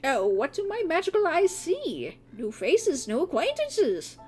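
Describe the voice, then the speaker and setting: A woman voicing a gentle, wise innkeeper who gives encouraging advice. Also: very high-pitched, huge pitch swings, measured pace, soft background music, pitched above the performer's own voice, full character voice. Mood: cheerful. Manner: warm, encouraging counsel. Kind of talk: fan voice acting of a game.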